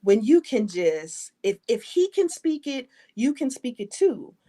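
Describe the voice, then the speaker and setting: A woman's voice: fairly high pitch, very animated, unhurried, warm tone. A woman hosting a talk show, speaking with emphatic, faith-based encouragement and greeting viewers. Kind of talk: conversational interview.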